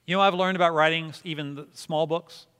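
Speaking fast with a sharp, smooth tone and fairly even intonation, this fairly high-pitched man is a pastor addressing his congregation. He teaches prayer in a relaxed, self-mocking, conversational style and leads the room in repeating words with him, all heard through a hall's lengthy reverb.

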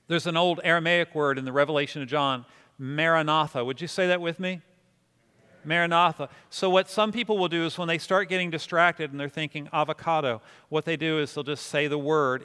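Man, pastor, sermon, conversational, self-deprecating, slightly high voice, echoing church hall. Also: bright, forceful tone, clean tone. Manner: conversational, self-deprecating, leads congregation in responses. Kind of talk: sermon teaching on prayer. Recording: long reverb of a hall.

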